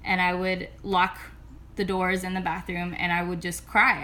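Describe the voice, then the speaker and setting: A woman's voice: fairly low pitch, monotone, normal speed, bright, forceful tone, a little hiss or hum. A young woman, a singer-songwriter, talking candidly in a casual confessional vlog with a chatty style full of "like" fillers.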